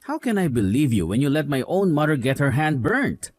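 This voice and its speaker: A man's voice: on the high side, big pitch swings, brisk, faint music behind. A man voicing a young husband who scolds his wife with contempt and sides with his mother in a voiced drama story. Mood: scolding.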